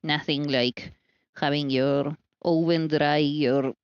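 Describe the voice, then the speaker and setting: Her voice is low, smooth and steady, moving slowly as she live-streams her baking from a home kitchen, chatting casually, scatterbrained and poking fun at herself while talking to herself. The sound is muffled but free of echo.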